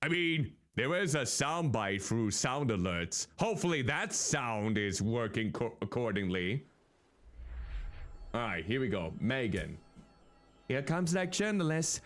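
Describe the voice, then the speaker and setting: A man's voice: medium pitch, very animated, unhurried, a bit bright. A male streamer giving chatty, casual commentary while playing a game and thinking aloud.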